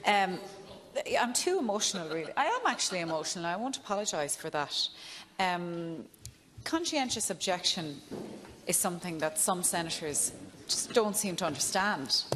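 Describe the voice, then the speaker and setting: A woman's voice: lowish voice, big pitch swings, normal speed, fairly bright tone, big-room sound, a little hiss or hum. A woman with an Irish accent speaking as a senator in a chamber debate, earnest and exasperated. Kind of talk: parliamentary debate.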